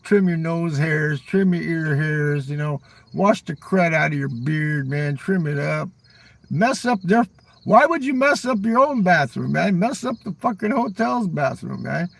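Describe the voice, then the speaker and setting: A man's voice: fairly high pitch, lively intonation, measured pace, gravelly. An older man rambling on a live stream, swearing constantly, ending his lines with "man" and talking back to chat viewers. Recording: voice a little far from the mic.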